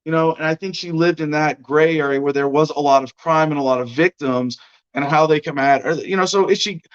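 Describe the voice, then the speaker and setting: A man's voice: a little high, a little fast, smooth. A man hosting a casual livestream, talking in a loose, rambling way and hedging as he goes. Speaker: show host. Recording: muffled lo-fi stream audio.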